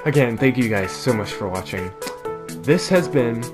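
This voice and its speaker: A man commentating on his own gameplay in a casual, excitable, goofy way. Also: mid-range voice, over music. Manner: excitable and goofy, with quick bursts of exclamations. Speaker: gaming video host.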